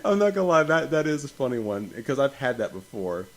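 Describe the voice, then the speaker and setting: A man's voice: mid-range voice, a little fast. Profane, rambling young man podcaster. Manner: profane, rambling, animated storytelling. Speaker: podcast host. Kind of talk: casual podcast chat.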